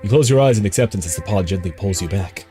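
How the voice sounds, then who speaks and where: A young man streams a horror game, reading its eerie text aloud and then reacting with curses and exclamations. His voice sits a little low. Faint music runs underneath. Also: lively intonation, quick pace.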